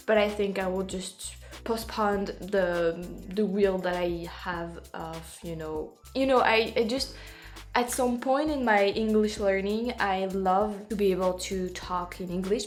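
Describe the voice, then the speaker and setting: A woman with a French accent, a native French speaker, hosting a casual reaction chat and often stopping to correct herself. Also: medium pitch. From France. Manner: halting, self-correcting, laughs at herself. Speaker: YouTube host.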